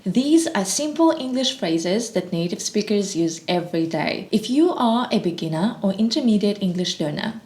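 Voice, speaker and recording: A woman teaching an English lesson, reading short practice phrases in a slow, deliberate scripted way. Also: mid-range voice, a little mellow. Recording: echoey room.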